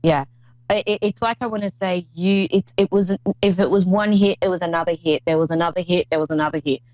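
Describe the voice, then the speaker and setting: A woman's voice: lowish voice, steady tone, brisk, darkish tone, no echo, highs cut off. A woman hosting a call-in psychic reading show, talking in an effusive, rambling way with many restarts. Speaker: psychic medium host.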